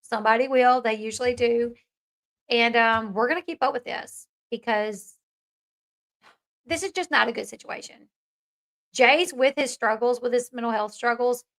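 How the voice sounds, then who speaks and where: A woman's voice: a little high, fairly bright tone. A woman hosting a casual commentary talk, chatty and opinionated, reading out viewer comments as she goes. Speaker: host.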